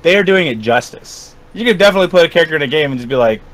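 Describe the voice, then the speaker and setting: A man co-hosting a casual gaming podcast, excitable and laughing often as he acts out quotes. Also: on the high side, very fast. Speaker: podcast co-host.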